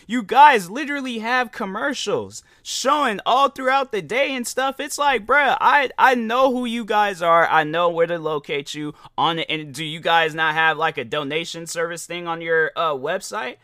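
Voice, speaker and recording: A man's voice: on the high side, moderate pace, hardly any pauses, sharp tone, dry recording, studio quality. A young man hosting a podcast, telling a rambling, exasperated story in casual slang. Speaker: podcast host.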